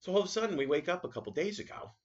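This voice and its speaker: A man hosting a casual solo podcast, telling a story as an animated rant. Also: high-pitched, very fast, lo-fi sound. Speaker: podcast host.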